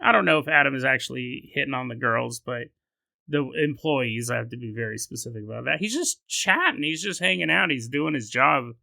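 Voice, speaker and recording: A male podcast host telling a story in an animated, joking way, laughing often and acting out voices. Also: mid-range voice, a little fast, creaky, no echo. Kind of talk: comedic storytelling.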